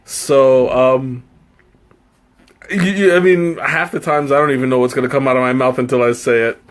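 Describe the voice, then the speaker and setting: A man's voice: medium pitch, steady tone, normal speed. Rambling, laughing tea-stream host, a man. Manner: rambling, self-interrupting, laughs often; playful, self-mocking. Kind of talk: casual live-stream chat with viewers.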